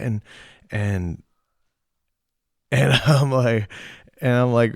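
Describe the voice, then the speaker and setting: A man's voice: on the low side, a little slow, pauses often, smooth, no echo, studio quality. Profane, rambling man host. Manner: rambling, profane, animated retelling with quoted voices. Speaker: podcast host. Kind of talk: casual storytelling.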